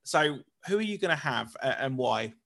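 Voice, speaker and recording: A man hosts a podcast interview with a mid-pitched, ordinary voice. He rambles casually and swears now and then. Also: animated, normal speed, gravelly, fairly bright tone. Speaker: podcast host.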